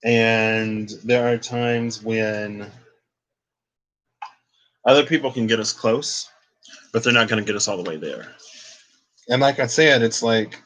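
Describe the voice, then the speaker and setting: Young man, tarot reader, bright forward voice, rambling casual talk, restarts his sentences. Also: on the low side, a little slow, pauses often. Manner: rambling, restarts phrases, thinks aloud. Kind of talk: casual spoken tarot reading.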